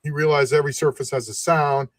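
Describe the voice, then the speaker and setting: A man's voice: on the high side, steady tone, quick pace, no room sound. A man hosting a podcast in casual chat, loose and jokey, trailing off as he reads notes. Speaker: podcast host.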